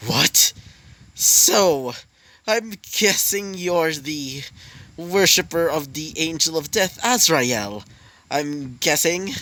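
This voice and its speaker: A man's voice: fairly high pitch, animated, slow, bright, forceful tone, dry recording, heavily acted. A man voicing a male demon lord who pleads and then sneers in a raised voice. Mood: pleading.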